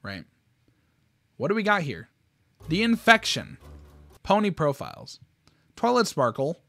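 Man with a lively, bouncy pitch who swears freely, dry close sound; casual channel host reacting to stories. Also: a little slow, vocal fry, dry recording, soft background music. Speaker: YouTube host.

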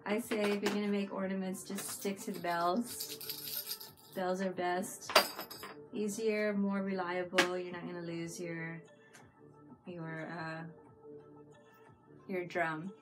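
A woman's voice: fairly low pitch, little pitch movement, slow, pauses often, music in the background. A woman chatting casually on a live stream, giggling often and talking to viewers in the chat.

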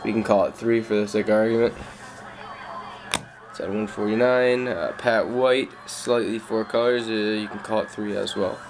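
A young man calmly listing off his trading cards in a casual showcase, with slang and frequent fillers. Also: fairly low pitch, normal speed, background noise. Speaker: card collector.

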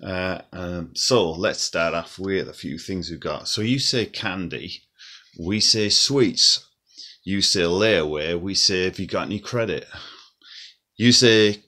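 A man's voice: low-pitched, slow pace, bright, forceful tone. A British man from the UK, chatting casually to viewers as a vlogger and laughing lightly between points. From United Kingdom. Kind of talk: casual explainer.

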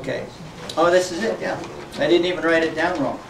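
A man's voice: fairly high pitch, a little fast, vocal fry, noisy background. A man preaching a sermon as pastor, folksy and joking, often laughing. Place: church sanctuary. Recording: echoey church sanctuary, mic from far off.

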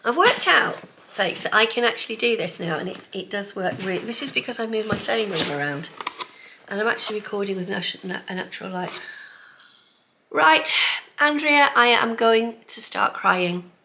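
Middle-aged woman, excitable sewing vlogger, noisy home room. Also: mid-range voice, moderate pace. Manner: gushing, excitable, talks to viewers as folks. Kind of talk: chatty unboxing vlog.

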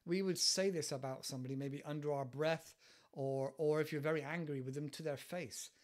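A man's voice: on the high side, fairly even intonation, a little fast. A man with an English West Country accent who hosts a casual podcast lesson, explaining idioms in a chatty, digressive way and laughing often. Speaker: English teacher and podcast host.

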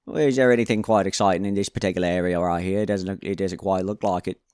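A man's voice: deep voice, fairly even intonation, fast, darkish tone, clean tone, dry recording, studio quality, natural voice. A man doing a voice of a tipsy, jaunty British-Australian man while playing a game, with rambling mock-posh exclamations.

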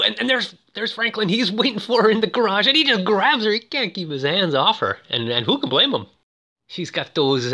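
Guy riffing on an old movie, bright voice, goofy and leering, lots of uhs. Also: on the high side. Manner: playful, leering asides, many fillers. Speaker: film reviewer. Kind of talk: casual commentary over film clips.

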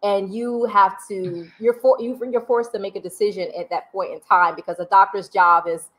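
A woman's voice: mid-range voice, steady tone, moderate pace, fairly bright tone. A woman hosting an interview, asking long, rambling questions full of repetitions. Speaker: host.

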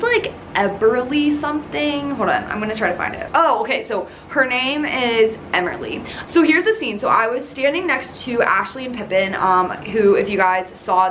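A young woman with a fairly high voice chats through a vlog storytime. She peppers every sentence with "like" and relives each moment animatedly. Faint background noise sits under her voice. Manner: chatty, filler-heavy with constant "like", animated retelling. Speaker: YouTuber. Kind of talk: casual storytime chat.

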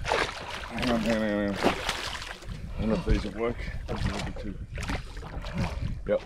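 An Australian man giving excited running commentary while fishing from a boat, swinging from loud shouts to low coaching mutters. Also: moderate pace, heavy background noise. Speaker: fishing vlogger. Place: boat on the open sea, outdoors. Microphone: action camera.

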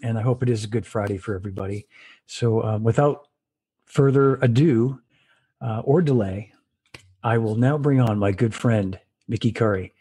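A man's voice: medium pitch, moderate pace, dark tone, breathy edge. A man hosting a casual video-call chat with a guest, friendly and a bit scattered as he talks. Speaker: host.

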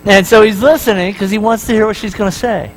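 A man with a notably high voice preaches to his congregation in a church. He keeps it casual, mixing stories and jokes with checks like "right?" to the crowd. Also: fairly even intonation, fast talker, slight background noise, poor audio. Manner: casual, joking storytelling, often asking the crowd "right?". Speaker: pastor. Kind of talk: sermon.

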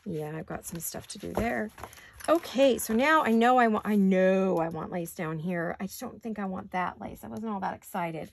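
Gravelly-voiced woman chatting while crafting. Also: medium pitch, moderate pace. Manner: chatty, talks to herself while working. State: hiccups. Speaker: crafting channel host. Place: home craft studio.

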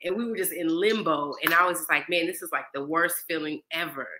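Speaking low and a little fast over a noisy background, a woman in her thirties shares a personal story as an interview guest. This mother animatedly voices the people she quotes in the casual conversation.

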